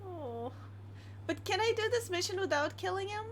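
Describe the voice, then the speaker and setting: Lively high-voiced woman gaming. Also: moderate pace, slight background noise. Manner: laughs often, animated storytelling. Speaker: co-host. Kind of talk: casual let's-play chat.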